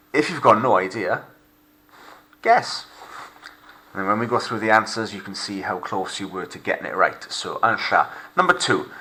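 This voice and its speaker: Welsh guy teaching a lesson online, clear slow model words, kinda bright tone. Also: lowish voice, slight background noise. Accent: Welsh English. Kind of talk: recorded remote lesson.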